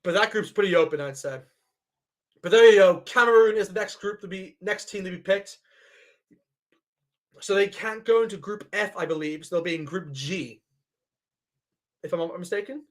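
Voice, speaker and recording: A man giving a live reaction to a sports draw, excitable and thinking aloud as he keeps addressing his viewers. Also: high voice, moderate pace, pauses often. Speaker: sports vlogger.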